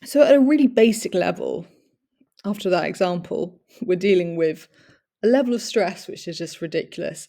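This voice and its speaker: A woman's voice: fairly low pitch, expressive, moderate pace, gravelly, mellow. A woman giving a long personal talk, reflective and searching for words, with many fillers and small laughs. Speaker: speaker sharing personal experience.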